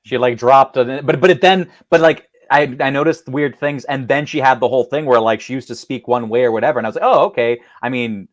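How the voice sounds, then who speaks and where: A man co-hosting a casual film chat, talking in halting, rambling sentences with many fillers and restarts. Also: mid-range voice, dry recording, studio quality. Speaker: co-host.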